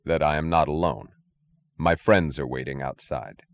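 A man doing a very deep, cold commander. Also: moderate pace, no echo. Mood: firm. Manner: calm, hard, authoritative. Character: cold, commanding male rescuer. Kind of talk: audiobook character voice.

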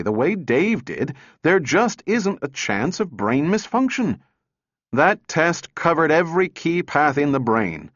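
A man voicing a gruff, sardonic senior male engineer who talks in a brisk, impatient way for an audiobook. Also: fairly high pitch, a bit bright, dry recording, muffled recording, pitched above the performer's own voice, full character voice. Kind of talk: audiobook character reading.

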